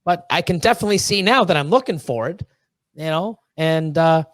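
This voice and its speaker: A Canadian man in his thirties, a podcast guest, chats casually in an excitable, rambling way, swearing often with many fillers and restarts. His voice is on the high side and fairly quick, with no echo.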